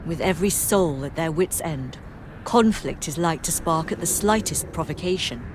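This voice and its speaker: A grave noble leader from a fantasy video game, voiced by a woman, speaking in measured, old-fashioned formal phrasing. Her voice sits a bit low and steady. Faint background noise runs under it. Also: lightly acted. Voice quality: measured, formal archaic diction.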